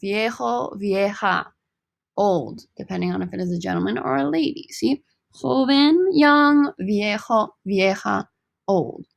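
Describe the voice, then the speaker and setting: A woman teaching a recorded Spanish lesson, upbeat and joking, repeating each word slowly. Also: mid-range voice, gravelly, no echo.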